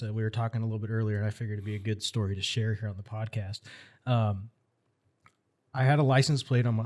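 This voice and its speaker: Blunt, storytelling podcast guest man. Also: medium pitch. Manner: animated storyteller, blunt and rallying. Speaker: guest, firearms instructor. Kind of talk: casual podcast conversation.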